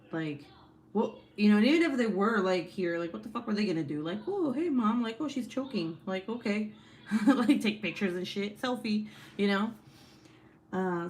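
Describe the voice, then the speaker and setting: Animated, swearing woman livestreamer, lowish voice. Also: a little hiss or hum. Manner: animated storytelling, swears freely, laughs often. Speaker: livestream host. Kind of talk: casual livestream chat while crafting. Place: home.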